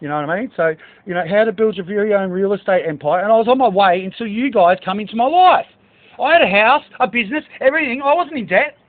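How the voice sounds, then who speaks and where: A man with a very high voice talks in an agitated, rambling way, swearing and listing book titles. The sound is thin and tinny, like a phone line. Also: quick pace. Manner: reads out list of book titles. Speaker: speaker addressing staff. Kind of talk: agitated monologue.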